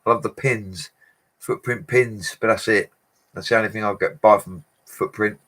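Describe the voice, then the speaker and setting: A man's voice: on the low side, steady tone, normal speed, a bit bright. A man, chatting casually on a livestream, reading viewers' comments and laughing often. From England. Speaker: bricklayer livestreamer.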